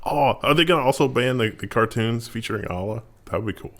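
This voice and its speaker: A man's voice: mid-range voice, fast talker, fairly bright tone. A man co-hosting a casual tech news show, reading headlines and cracking sarcastic quips. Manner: laughs easily, sarcastic quips.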